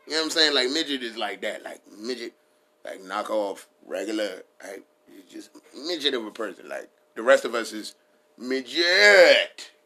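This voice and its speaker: A man's voice: on the low side, animated, normal speed, sharp tone. A man riffing in a casual comedic style, rambling and profane, laughing at his own jokes.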